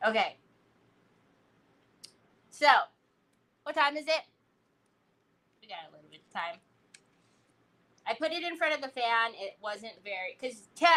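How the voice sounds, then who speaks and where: A woman hosting a live crafting stream, chatting casually and telling animated stories as she works. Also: medium pitch, rough recording. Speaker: craft livestream host.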